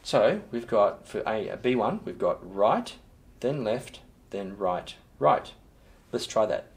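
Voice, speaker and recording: A man's voice: fairly low pitch, slow. A man teaching a recorded percussion lesson, explaining technique patiently and counting in before calling out patterns. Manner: calls out sticking patterns loudly over drumming, then explains calmly. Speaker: music teacher. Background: drum playing.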